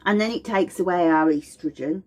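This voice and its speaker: A woman's voice: on the low side, moderate pace, darkish tone. A middle-aged woman teaching about aromatherapy in an informal, explanatory way, acting out little voices and sounds as she goes.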